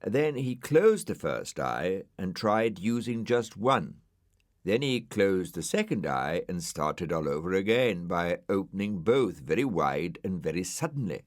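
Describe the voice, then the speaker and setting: A man narrating a children's storybook audiobook in an expressive, unhurried way. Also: low-pitched, no echo, clean studio sound.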